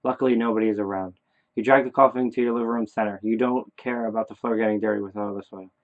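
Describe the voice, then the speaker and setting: A man reading a horror text game aloud in second person, halting and correcting his own slips. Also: fairly low pitch, steady tone. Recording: tinny phone-like sound.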